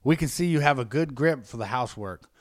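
A man's voice: medium pitch, expressive, brisk, lightly acted. Man playing a sly, wheedling dwarf. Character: lecherous little male dwarves, sly and eager.

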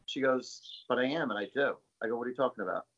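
A man's voice: medium pitch, quick pace, fairly bright tone, highs cut off. A man, a psychic guest, telling stories casually in an interview, rambling with many fillers and repeated words.

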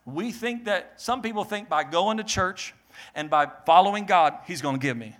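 A male pastor preaching a sermon, animated, acting out little quotes and joking with the congregation. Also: high-pitched, moderate pace.

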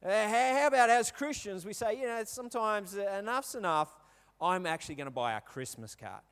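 A man's voice: high voice, lively intonation, a little fast, a bit bright, clear, resonant tone. A man in his thirties with an Australian accent, giving a chatty sermon full of stories and questions to the congregation. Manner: chatty, storytelling, asks the crowd questions. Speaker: pastor. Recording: reverberant hall.

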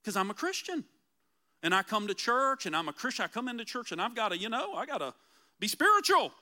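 A man preaching a conversational sermon as pastor, earnest and emphatic, slowing down to repeat key phrases. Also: sits high, very animated, sharp tone.

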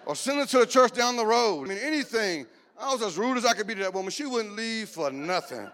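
Cajun pastor, middle-aged man, high voice, joking sermon with sudden whoops. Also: brisk, hardly any pauses. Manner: joking, animated, breaking into shouts and whoops. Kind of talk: humorous preaching.

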